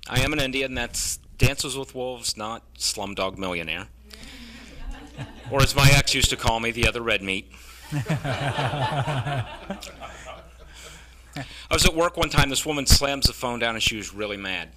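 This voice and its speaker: Male stand-up comedian, bright forceful voice, deadpan punchlines, live stage set. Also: medium pitch, normal speed.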